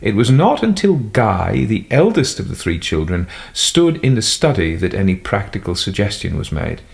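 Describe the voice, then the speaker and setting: A deep-voiced man narrates a classic detective novel as an audiobook. His delivery is measured, with a lively, expressive rise and fall. It is polished scripted narration. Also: creaky.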